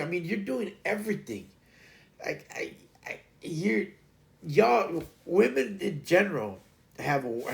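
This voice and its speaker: A man's voice: on the high side, vocal fry, a little mellow. A man hosting a casual livestream chat, rambling and restarting his sentences often. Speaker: livestream host.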